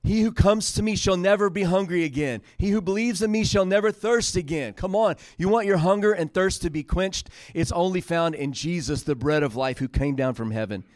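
Guy preaching, fairly high voice, dry close sound, chatty then punchy. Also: brisk, hardly any pauses, darkish tone, dry recording. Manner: retells scripture in casual paraphrase, rising to emphatic peaks. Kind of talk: sermon.

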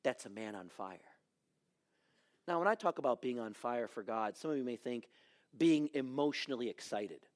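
A middle-aged man, a pastor, preaching a sermon and swinging from hushed lines to shouting. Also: medium pitch, animated, normal speed.

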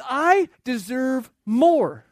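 A man voicing a resentful older brother who complains in a whiny, drawn-out voice. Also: extremely high pitch, very animated, no echo, clean studio sound, pitched above the performer's own voice, full character voice. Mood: whining, resentful.

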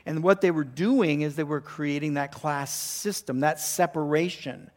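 Enthusiastic pastor preaching. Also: male voice, fairly high pitch, unhurried, a little mellow. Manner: conversational, enthusiastic preaching with frequent restarts and throat-clearing. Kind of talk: sermon.

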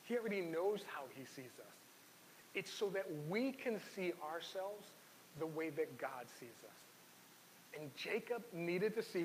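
A man's voice: on the high side, a bit bright. Man preaching in an echoing hall. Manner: earnest, personal storytelling, reads scripture aloud. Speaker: pastor. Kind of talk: sermon. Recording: long hall reverb with faint hiss.

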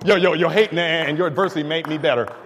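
A man preaching a sermon with call and response, dropping low and quiet, then building up to shouting. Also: quick pace, a crowd in the background. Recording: long hall reverb.

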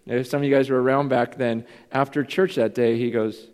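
A man's voice: medium pitch, fairly even intonation, a little fast, a little mellow, clear, resonant tone. A man preaching a sermon as pastor, earnest and confessional, questioning himself aloud. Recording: long reverb in a large hall.

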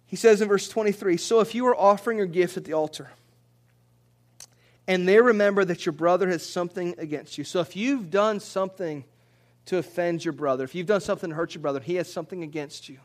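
Pastor, male, high-pitched voice, conversational sermon delivery with repeated words and rising emphasis. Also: a little fast.

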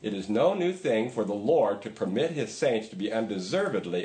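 A man's voice: lowish voice, sing-song, normal speed, hardly any pauses, darkish tone, echoey room. A man preaching a sermon in a conversational way, with emphatic repetition. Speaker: pastor.

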